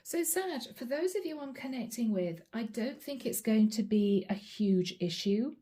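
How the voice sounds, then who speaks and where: A middle-aged woman reads tarot cards aloud and talks straight to the viewer, chatty and direct. Her voice sits a little high but sounds mellow and warm. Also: expressive, measured pace, hardly any pauses. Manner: chatty, addresses viewer directly, names cards as she draws. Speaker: tarot reader. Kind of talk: channeled tarot reading.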